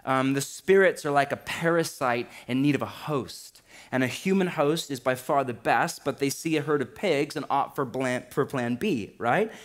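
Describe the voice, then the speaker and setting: A man in his thirties preaching a sermon in a church, animated and lively, with humor. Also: medium pitch, moderate pace, few pauses. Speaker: pastor. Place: church sanctuary.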